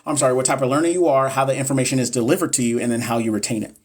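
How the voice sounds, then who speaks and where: A young man talks loosely to his live-stream viewers as a nurse educator. His voice sits at an ordinary pitch, and he is blunt, profane and fond of repeating a point for emphasis. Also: steady tone, rapid-fire, slightly rough. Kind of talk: casual live-stream chat answering viewers.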